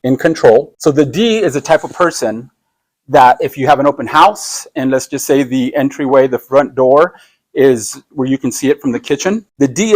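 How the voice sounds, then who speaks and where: Middle-aged male sales coach, loose conversational delivery, mid pitch, dry sound. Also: a little mellow, no echo. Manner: conversational, tags lines with "right?", acts out quick dialogue. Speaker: speaker teaching sales and personality types. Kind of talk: casual teaching talk.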